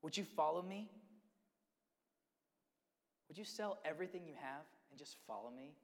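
A man's voice: a little high, lively intonation, moderate pace, gravelly. A man preaching a sermon, emphatic, acting out quotes and repeating key words. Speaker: pastor. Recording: long hall reverb.

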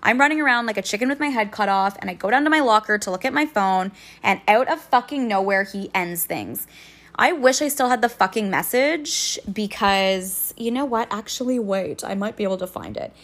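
A woman's voice: medium pitch, a little fast. Sweary, indignant young woman telling a story. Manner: swearing freely, indignant, animated retelling. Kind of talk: casual storytime vlog.

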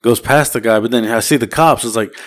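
Male podcast co-host, mid-pitched, swears freely while spinning a long casual anecdote. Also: fairly quick, a bit bright. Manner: profane, rambling anecdote-telling. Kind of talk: casual storytelling.

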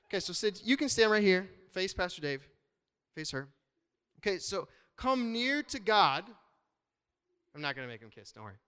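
A man delivering a lively sermon from the front of a church, his voice sitting a touch higher than most men's. He preaches in a loose, conversational way, with playful asides and quick shifts in tone as he works the room. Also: clear, resonant tone, in a large hall. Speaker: pastor.

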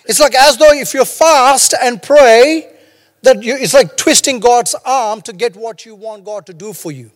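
A man's voice: very high-pitched, measured pace, long reverb tail. A man preaching a sermon as pastor, talking conversationally and joking between stories. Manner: humorous, conversational preaching with storytelling asides.

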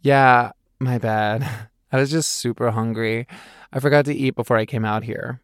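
A man's voice: mid-range voice, fairly even intonation, moderate pace, clean tone, no room sound, studio quality, close to an everyday voice. A man narrating an audiobook voices a cheerful, rambling young man who talks about himself without a filter. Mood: earnest. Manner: rambling, chatty, self-deprecating.

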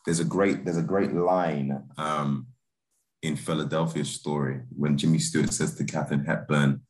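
A man, a film director, chatting in a relaxed interview, laid-back with many restarts and fillers. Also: a bass voice, normal speed.

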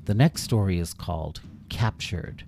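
A man's voice: deep voice, expressive, measured pace, vocal fry, dark tone, faint music behind. A man narrating a children's story in a playful way, adding his own sound effects.

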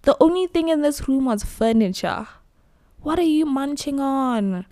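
A woman's voice: sits high, expressive, a little slow, mellow. A young woman hosting her own podcast from her new studio, chatting casually, laughing at herself and over-explaining. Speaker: podcast host. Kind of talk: casual solo podcast chat.

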